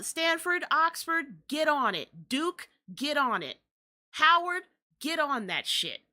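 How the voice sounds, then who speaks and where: A young woman hosts a casual podcast and rants with exasperated, profane energy. Her voice sits a little high and rings bright and forceful. She talks like she is fed up and winding herself up. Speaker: podcast host. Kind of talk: ranting commentary.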